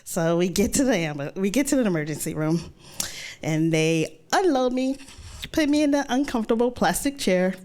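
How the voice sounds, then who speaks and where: A woman's voice: mid-range voice, expressive, normal speed, darkish tone, a little hiss or hum. A woman, telling a personal story live, acting out her own thoughts and others' words with sudden jumps in voice.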